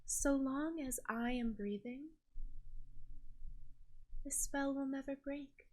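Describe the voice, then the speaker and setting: A woman voicing a tall, possessive spellcaster who speaks softly, intimately and with quiet menace. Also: high voice, takes it slowly, pitched above the performer's own voice. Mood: silky menacing.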